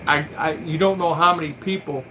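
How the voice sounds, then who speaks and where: A man on a livestream tells a long personal story, wandering from one detail to the next in casual conversation. His voice is a little high for a man, and a faint hum sits behind him. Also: steady tone, fairly quick, sharp tone, low-quality recording. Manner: rambling storyteller. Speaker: livestream guest. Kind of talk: casual anecdotal chat.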